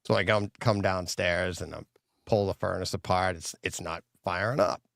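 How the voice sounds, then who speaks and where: A middle-aged man co-hosting a home theater show, telling a story in a casual, animated way from his home theater room. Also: deep voice, normal speed, creaky, no echo, clean studio sound. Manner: animated storyteller, quoting himself in a raised voice. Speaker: podcast co-host. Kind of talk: casual chat.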